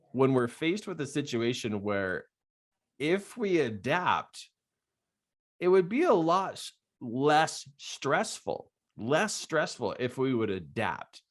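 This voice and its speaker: An older man, a life coach, telling stories in an animated podcast monologue and laughing often. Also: mid-range voice.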